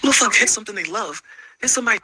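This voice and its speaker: A man's voice: sits high, expressive, racing, bright, forceful tone, breathy edge, no echo, rough recording. A sick man ranting heatedly, lecturing with profanity and a lot of repetition. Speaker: streamer being reacted to. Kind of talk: heated rant.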